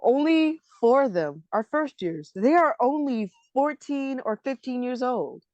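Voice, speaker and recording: A woman co-hosting a podcast, chatting about an anime in an animated, emotional way that often breaks into laughter. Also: high voice, unhurried, no echo, dull audio. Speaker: podcast co-host. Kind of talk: casual anime discussion.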